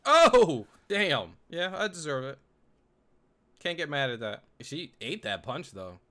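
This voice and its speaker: A man reacting to a TV episode in casual commentary, prone to loud excited outbursts and repeated exclamations. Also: on the high side, slow pace. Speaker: reaction video host.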